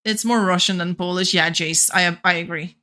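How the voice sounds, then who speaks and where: A Flemish woman from Belgium whose first language is Flemish, chatting casually with viewers on a game stream, a little monotone at times. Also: lowish voice, normal speed. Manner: a bit monotone at times, laughs often.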